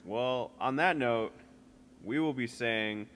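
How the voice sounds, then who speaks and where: A man's voice: medium pitch, slow, fairly bright tone, a little hiss or hum. A man hosting a podcast in casual chat, laid-back and jokey, laughing often. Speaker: podcast host.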